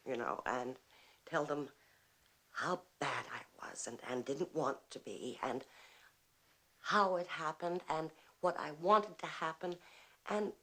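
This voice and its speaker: A woman's voice: low-pitched, fairly bright tone, heavily acted. An actress playing a bitter, wry middle-aged woman who mocks herself with dry theatrical wit. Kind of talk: stage play performance.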